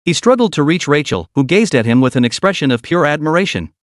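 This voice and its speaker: A man narrating a fantasy story recap in a steady, dramatic storytelling manner. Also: a little high, fast, no room sound, clean studio sound.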